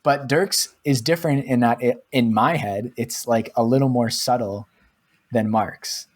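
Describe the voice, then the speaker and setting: A man's voice: medium pitch, measured pace. A man co-hosting a podcast, with an ordinary mid-range voice. He talks in an easygoing, self-deprecating way during casual chat. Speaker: podcast co-host.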